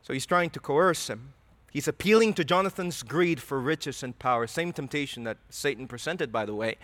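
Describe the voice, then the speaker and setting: A man's voice: mid-range voice, moderate pace, fairly bright tone, no room sound. A man preaching a sermon who reads scripture aloud and then explains it with rising animation. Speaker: pastor.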